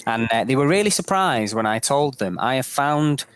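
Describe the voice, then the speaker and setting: A man, a podcast guest, telling stories in a casual chat, often pausing with ums. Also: medium pitch, expressive, a bit bright, clean tone, no room sound. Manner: hesitant, with frequent ums.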